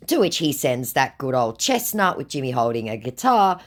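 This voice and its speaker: A woman's voice: a bass voice, big pitch swings, a little fast, hardly any pauses. An Australian woman telling a comic story of baiting a scammer, dry and sarcastic. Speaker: scam baiter.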